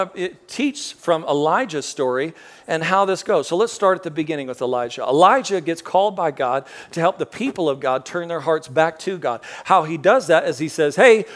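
A middle-aged male pastor giving a sermon as comic storytelling, animated and jokey, acting out loud outbursts. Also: a little high.

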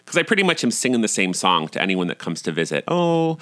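A middle-aged man hosting a podcast, telling a personal story in a candid, self-deprecating way and getting animated when he acts out scenes. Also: low-pitched, fast talker, dry recording, clean studio sound. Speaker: podcast host.

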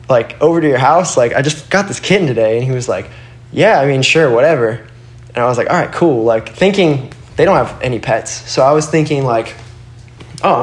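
A young man and guest skateboarder telling loose, rambling stories in casual chat, swearing and saying "like" a lot. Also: medium pitch. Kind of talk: casual storytelling. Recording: roomy echo.

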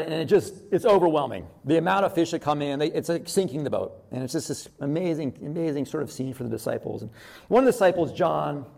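A man delivers a sermon with a fairly high-pitched voice. He talks in a loose, conversational way, stopping to voice people's inner thoughts and circling back over his own words. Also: creaky. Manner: conversational, animated, with many restarts and acted-out inner thoughts. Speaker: pastor.

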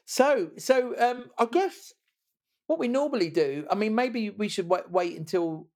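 A man's voice: sits high, expressive, measured pace, darkish tone. A man hosting a casual podcast chat, joking, laughing often and restarting his words. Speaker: podcast host.

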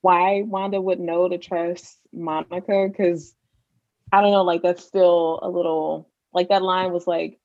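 A woman's voice: on the low side, little pitch movement, a little slow, no room sound, narrow, tinny audio. A woman on a podcast panel in casual chat, hesitant and thinking aloud.

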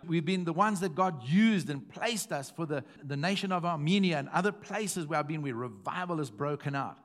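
Pastor, middle-aged man, slightly high voice, preaching with repetition and sudden bursts of volume. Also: expressive, normal speed. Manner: emphatic, repeating phrases, swings from hushed to loud. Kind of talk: sermon.

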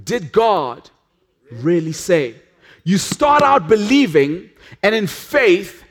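A pastor preaching a sermon at a church service. He talks earnestly, often restarts his sentences, and drops into a hush for emphasis. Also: sits high, very animated, takes it slowly.

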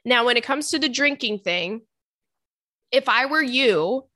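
A young woman talks casually through listener letters in a bright, slightly high voice. She is chatty and swears freely. The sound is dry and close, with no room around her. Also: animated, measured pace, no echo. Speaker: podcast host reading listener letters. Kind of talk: casual chat.

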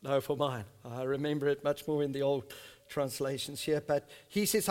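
A man in his fifties preaching a sermon to his church, reading scripture slowly and emphatically, then dropping his voice to soft asides. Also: on the high side. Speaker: pastor. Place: church service.

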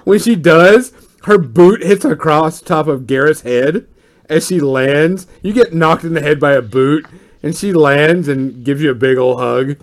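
A man running a tabletop game as game master, narrating in a lively, excitable way and often laughing. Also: fairly high pitch, a little slow.

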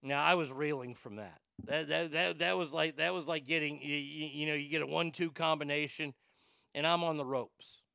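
Male radio host, bright crisp tone, dry studio sound, animated crude rants full of restarts. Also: on the high side, moderate pace, no echo. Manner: animated, stammering restarts, crude mocking asides. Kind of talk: ranting talk radio monologue.

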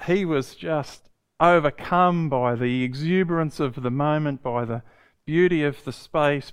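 A man preaching, telling a personal story before reading scripture aloud. His voice is smooth and clear, sitting at an ordinary pitch for a man. He talks easily, with reflective rhetorical questions. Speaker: pastor.

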